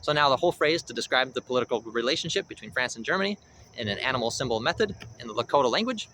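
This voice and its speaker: Bright-voiced man teaching pronunciation. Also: mid-range voice, expressive, slight background noise, poor audio. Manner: slow, careful sounding-out of words. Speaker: language teacher. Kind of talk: pronunciation lesson.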